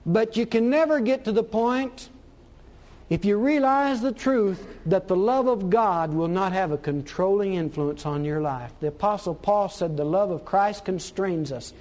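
A man's voice: high voice, unhurried, a little mellow. A man preaching a sermon, emphatic, asking rhetorical questions and repeating phrases for stress.

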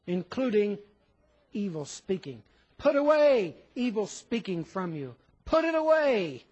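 Male preacher, high and husky; folksy sermon, quotes scripture, poses questions. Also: a little mellow, rough recording. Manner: conversational preaching, rhetorical questions, reads scripture aloud.

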